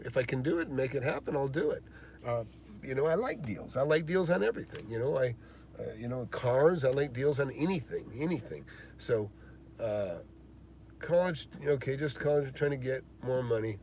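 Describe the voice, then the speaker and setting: A man's voice: mid-range voice, a little mellow, a little hiss or hum. A man hosting a live stream about real estate investing, answering viewer questions and telling stories with many fillers and a lot of emphasis.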